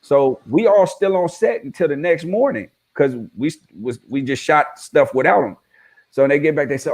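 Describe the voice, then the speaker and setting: A man on a video call, reminiscing in a relaxed, casual way. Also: mid-range voice, normal speed. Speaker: guest actor.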